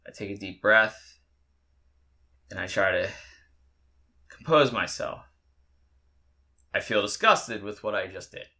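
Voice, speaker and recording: A man's voice: on the low side, lively intonation, slow pace, long pauses, sharp tone. A young adult man hosting a podcast, telling a personal story in a candid, rambling way with a lot of swearing. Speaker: podcast host.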